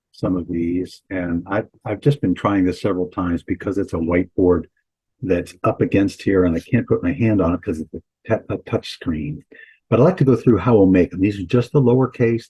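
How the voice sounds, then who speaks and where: A man's voice: low voice, warm tone, slightly rough, poor audio. A man teaching an online Greek lesson as instructor and pastor, explaining patiently with informal asides. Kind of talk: online lecture.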